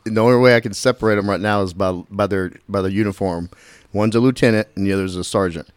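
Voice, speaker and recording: A male podcast host with a lowish voice, chatting loosely with guests and laughing easily. He restarts his sentences often. The sound is dry and close. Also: fairly even intonation, fast talker, smooth, no echo. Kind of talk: casual podcast chat.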